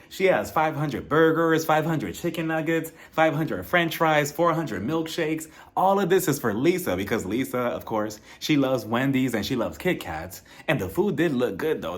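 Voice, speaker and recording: A man giving a casual, comedic recap of a reality show, chatty and sassy, laughing often. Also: medium pitch.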